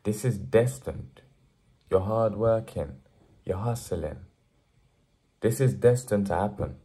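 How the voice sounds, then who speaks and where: Slow and warm, a young man's fairly low voice carries an earnest direct-to-camera motivational talk. As a vlogger, he preaches hard work and builds toward emphatic pushes.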